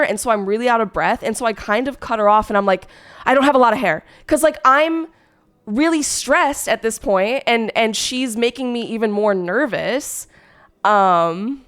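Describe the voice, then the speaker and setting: A woman's voice: mid-range voice, fairly bright tone. Woman, streamer, casual storytime, rambling, exasperated, sick, filler-heavy.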